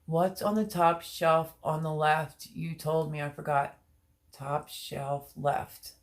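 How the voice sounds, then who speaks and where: A woman's voice: low voice, fairly even intonation, takes it slowly. A woman hosting a casual gardening livestream, reading viewer comments aloud, her voice strained from laughing and crying. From Pennsylvania. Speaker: livestream host.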